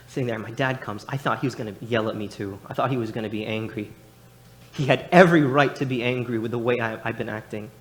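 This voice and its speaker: A man's voice: medium pitch, a little hiss or hum. A young adult man preaching in church, telling a personal story with frequent restarts and repeated words. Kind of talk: sermon. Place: church sanctuary.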